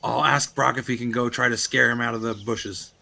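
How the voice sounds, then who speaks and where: A man plays a tabletop game over a voice call, easygoing and ready to joke. His voice is bright and edged with heavy gravel, with a forceful ring to it. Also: medium pitch, steady tone, a little fast. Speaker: player. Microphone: online voice call mic.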